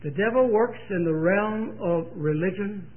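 An older male preacher with a high voice, preaching emphatically and repeating his phrases for weight. He speaks straight to his hearers, and his voice comes through a tinny, phone-like old recording. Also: measured pace. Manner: emphatic storytelling, repeats phrases, direct address. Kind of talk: sermon.

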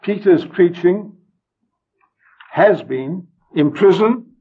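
A man delivers a solemn sermon in an unhurried, deliberate way, leaning hard on key words and then dropping almost to a hush. His voice is husky and sits a little high. The recording sounds dull and lo-fi. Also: animated. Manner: solemn, emphatic, swings from loud to hushed. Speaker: preacher.

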